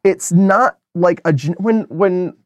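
An American man co-hosting a podcast, talking through a film review in a rambling, animated way with many fillers and restarts. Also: high voice, takes it slowly, no echo, highs cut off. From United States. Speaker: podcast co-host. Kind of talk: casual film review chat.

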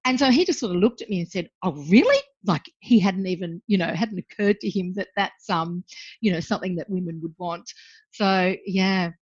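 Speaking briskly in a lowish, slightly rough voice, a brand founder appearing as a guest animatedly recounts her story. She voices the people she quotes and fills pauses with frequent ums; the sound is dull, dry lo-fi with no echo.

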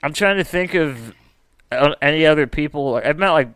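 Young guy telling stories, slangy, swears a lot, kinda high voice, dry close mic. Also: normal speed, clean tone, dry recording. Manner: animated storytelling, heavy slang and swearing. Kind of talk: casual chat.

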